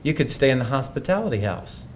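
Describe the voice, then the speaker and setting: Presenting at a conference, this man talks fast in a medium-pitched, sing-song voice over a slight hiss or hum. He sounds thoughtful and conversational, often breaking off to restart a sentence.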